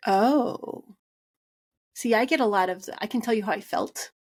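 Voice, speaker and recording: At a measured pace and mid-range pitch, a female podcast host chats casually in an interview. Her storytelling is animated, with acted-out dialogue and frequent "like" and "right."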